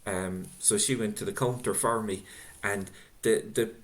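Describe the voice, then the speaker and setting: A middle-aged man interviewing an author and reading out audience questions, speaking in an unhurried, reflective way over a video call. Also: lowish voice, fairly even intonation. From Ireland. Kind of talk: casual book-event conversation.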